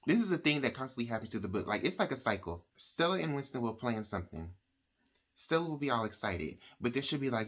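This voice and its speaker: A man of ordinary pitch recaps a book in an easygoing, conversational way. He strings events together with "like" and slips into the characters' voices as he goes. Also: sing-song, fast talker, fairly bright tone. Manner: chatty, uses "like" and "she's like" quotes. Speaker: book reviewer. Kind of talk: casual plot retelling.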